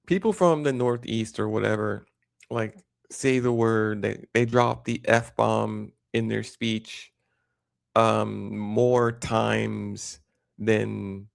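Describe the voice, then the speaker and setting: Gravelly low-voiced man chatting. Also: fairly even intonation, takes it slowly, dry recording, clean studio sound. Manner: rambling, with many fillers and restarts. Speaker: livestream host. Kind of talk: casual chat.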